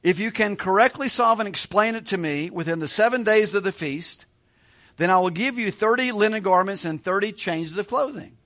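A pastor with a high, somewhat bright voice preaches through a Bible passage verse by verse at a moderate pace. He reads aloud, drops in casual joking asides, and chuckles often in a conversational way.

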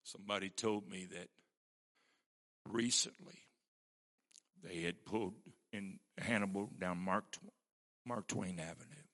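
A man's voice: low-pitched, fairly even intonation, a little slow, pauses often, fairly bright tone. A man preaching a sermon as pastor, telling stories with strong emphasis.

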